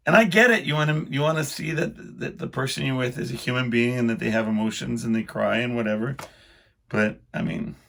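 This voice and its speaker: A middle-aged man hosting a podcast, rambling through a casual solo monologue in a self-deprecating way, full of halting restarts. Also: medium pitch, creaky, fairly bright tone, a little hiss or hum. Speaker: podcast host.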